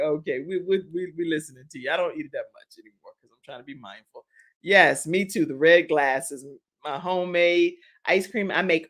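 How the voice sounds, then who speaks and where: Chatty woman host with lively pitch. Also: moderate pace. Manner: chatty, laughing, reads viewer comments aloud. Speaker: talk show host. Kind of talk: live-stream talk show chat.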